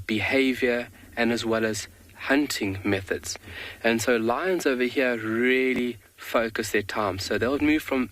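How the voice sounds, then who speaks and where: A man's voice: medium pitch, fairly bright tone, a little hiss or hum. A man guiding a live safari broadcast outdoors, answering viewer questions in a friendly, explanatory way. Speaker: safari guide. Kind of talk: live wildlife commentary.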